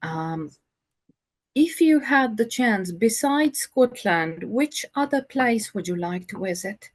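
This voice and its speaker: Slow-speaking woman teaching English. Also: mid-range voice, lively intonation. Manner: slow, patient, many fillers. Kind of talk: online conversation lesson.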